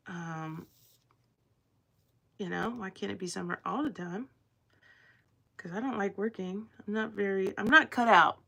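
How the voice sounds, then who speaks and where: A woman's voice: medium pitch, unhurried, gravelly, long pauses, sharp tone. A young woman with a Southern accent, chatting casually on a livestream in a rambling, playful drawl. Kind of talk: casual chat with live chat.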